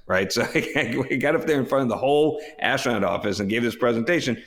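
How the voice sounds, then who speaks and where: Man, podcast co-host, animated storyteller, laughs often, casual chat. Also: mid-range voice, fast talker, hardly any pauses. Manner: animated anecdote teller who laughs often.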